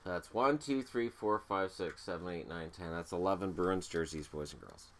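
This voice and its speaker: A man's voice: low-pitched, normal speed, fairly bright tone, a little hiss or hum. A man with a cold, hosting a casual show-and-tell vlog, joking and mocking himself as he counts items aloud. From Canada. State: has a cold. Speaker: hockey video host.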